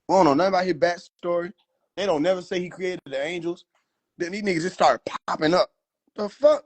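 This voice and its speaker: A man's voice: high voice, fast talker. A man riffing in a casual livestream, profane, slangy and laughing often. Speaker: livestream host.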